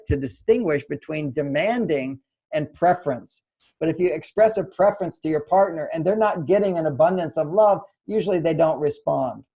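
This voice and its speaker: A man's voice: fairly high pitch, warm tone. An older man giving relationship advice in an interview, explaining steps and acting out both partners in quoted dialogue. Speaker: relationship author and guest.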